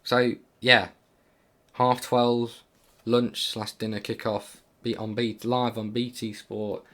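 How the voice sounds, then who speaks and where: A man's voice: medium pitch, level tone, slow pace, a bit bright. A young British man co-hosting a casual football podcast, self-mocking and laughing easily. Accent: British English. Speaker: podcast co-host. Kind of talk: casual chat.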